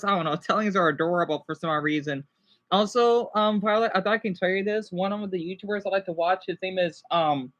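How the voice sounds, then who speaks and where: A man's voice: sits high, lo-fi sound. A young man vlogging casually, rambling and interrupting himself while drawing a chart and airing complaints. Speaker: gaming vlogger.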